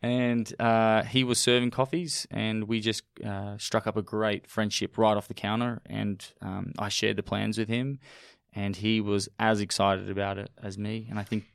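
A young man with an Australian accent, a guest telling his story in a casual interview, chatty and quick to laugh. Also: fairly low pitch, flat delivery, gravelly, smooth, no echo, clean studio sound. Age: young adult. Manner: chatty, laughs often, many restarts.

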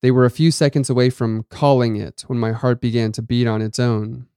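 Guy reading a first-person story, slow and dramatic, smooth voice, dry close mic. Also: mid-range voice, fairly even intonation, dark tone, no room sound. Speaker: narrator.

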